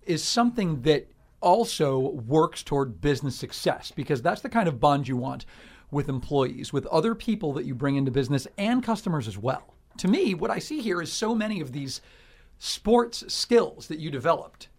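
A man with a slightly high voice hosts a relaxed interview. He affirms what his guests say and builds on it with thoughtful remarks. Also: normal speed. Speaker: host. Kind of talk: casual interview chat.

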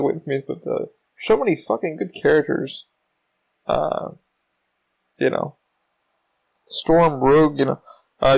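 A man hosting his own podcast, telling stories in a casual solo monologue, rambling and excitable and swearing often. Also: a little high, creaky, rough recording. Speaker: podcast host.

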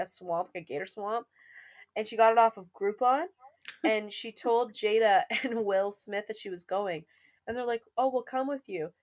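A woman co-hosting a casual chat, animated and laughing as she tells stories. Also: mid-range voice. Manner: animated storyteller, laughs while telling. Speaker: podcast co-host.

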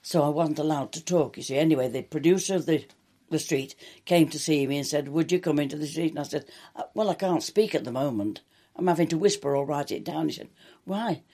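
Older woman, mellow voice, chatty reminiscing, acted-out quotes. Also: deep voice, fast. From England. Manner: chatty, warm anecdotes with quoted dialogue. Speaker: soap actress. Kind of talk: reminiscing interview.

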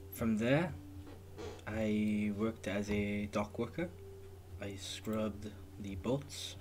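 A man voicing a reserved former dock worker and navy man in a tabletop role-play, speaking haltingly and trailing off quietly. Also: fairly low pitch, slight background noise, pitched below the performer's own voice.

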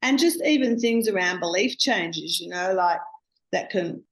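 Chatty woman, lowish voice. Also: a little slow, poor audio. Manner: chatty, animated storyteller with frequent "you know". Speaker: intimacy coach guest. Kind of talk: casual storytelling interview.

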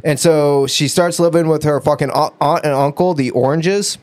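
A man's voice: fairly high pitch, normal speed, darkish tone. A man co-hosting a casual podcast, retelling a story in a rambling way, swearing often and trailing off. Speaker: podcast co-host.

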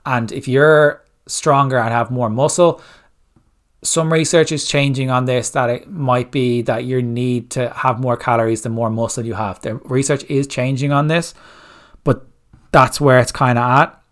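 A man's voice: medium pitch, fairly even intonation, measured pace. A man hosting a solo coaching podcast, giving blunt, direct fat-loss advice and firing off rhetorical questions. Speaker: fitness coach, podcast host.

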